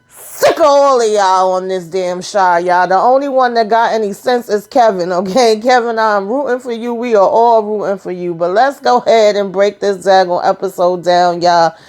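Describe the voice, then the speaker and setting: Sassy, animated woman recapping a show. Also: medium pitch. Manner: sassy, animated, colloquial, addresses viewers directly. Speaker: TV recap vlogger. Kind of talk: casual TV episode recap.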